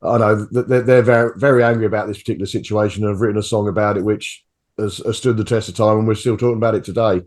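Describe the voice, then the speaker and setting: A man co-hosting a music review show, talking in a halting way with lots of repeated words. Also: lowish voice, fairly even intonation, darkish tone. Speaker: co-host. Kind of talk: casual music review chat.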